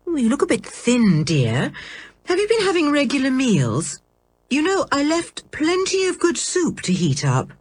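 A woman's voice: high voice, huge pitch swings, unhurried, no room sound, voice pushed up, heavily acted. Woman reading as a fussing, caring storybook aunt. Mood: worried. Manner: gentle and reproachful.

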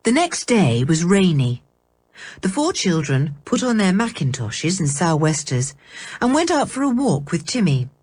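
A woman reading a children's storybook aloud, expressive and measured. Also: on the low side, breathy edge, no room sound. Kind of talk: storybook narration.

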